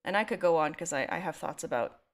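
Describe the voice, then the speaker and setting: A woman's voice: low voice, lively intonation, fast talker. A woman in her twenties co-hosting a podcast who talks at length in a wry, sarcastic way and wanders onto side thoughts. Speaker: podcast co-host. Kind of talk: casual podcast chat.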